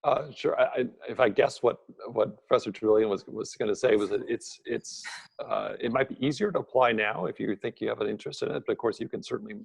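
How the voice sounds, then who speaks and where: A man's voice: on the low side, quick pace, vocal fry, slightly rough, dry recording, low-quality recording. A male professor on a video call adding to an answer, hesitant and repeating his words.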